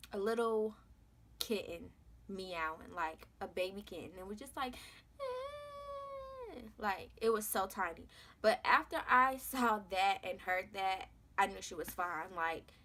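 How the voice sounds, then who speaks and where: A young mother vlogging to camera tells her birth story candidly in a mid-range, pushed, bright voice. She's emphatic and conversational, uses slang, and repeats phrases for emphasis.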